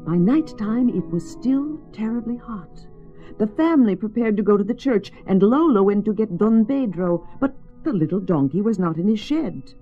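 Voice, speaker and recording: A woman gently and expressively reading a children's story aloud, in a slightly muffled lo-fi recording. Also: medium pitch, animated, normal speed. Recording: slightly muffled lo-fi with faint music.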